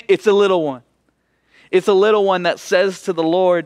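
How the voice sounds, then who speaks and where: A man preaching a sermon as pastor, expressive, moving between emphatic lines and hushed ones. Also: sits high, moderate pace, long pauses, clean tone, no echo, clean studio sound.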